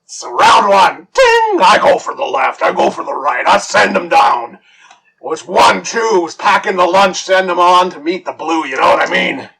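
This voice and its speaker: A man voicing a big, boastful lumberjack legend who brags loudly about old fights. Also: high voice, sing-song, normal speed, creaky, far from the mic, slight background noise, pitched above the performer's own voice, exaggerated voice. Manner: loud bragging storyteller.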